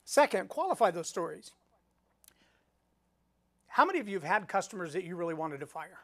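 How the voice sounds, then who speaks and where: A middle-aged speaking coach teaches a live storytelling webinar, acting out the voices he quotes with plenty of animation. His voice sits high, and he speaks a little fast.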